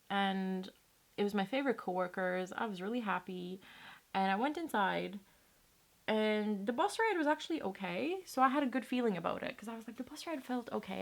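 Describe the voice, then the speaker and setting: A woman's voice: medium pitch, vocal fry. Chatty young woman from Latvia. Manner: chatty, rambling, swears casually, many fillers. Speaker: vlogger. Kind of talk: casual storytime chat.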